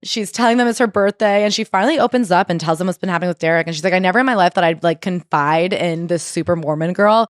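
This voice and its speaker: Casual fast-talking woman podcast host, acts out quotes, close dry mic. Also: on the low side, dry recording. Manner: chatty, acts out quotes with swearing. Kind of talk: casual chat recapping a memoir.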